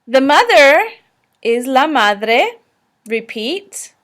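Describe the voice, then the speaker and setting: A woman teaching vocabulary in a recorded slideshow lesson, speaking carefully and pausing for listeners to repeat. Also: high-pitched, very animated, fairly bright tone. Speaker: language teacher.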